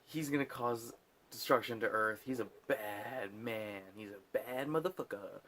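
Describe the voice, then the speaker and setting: A drunk man putting on the voice of a grave, wise male alien mentor, speaking slowly and mock-seriously. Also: mid-range voice, a crowd in the background, natural voice. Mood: mock-solemn.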